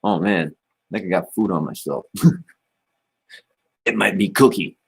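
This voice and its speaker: A man with a lowish voice chats casually to viewers on a livestream. He rambles in a relaxed, easygoing way, dropping "man" and "you know" often. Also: measured pace, gravelly, slightly rough. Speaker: livestream host.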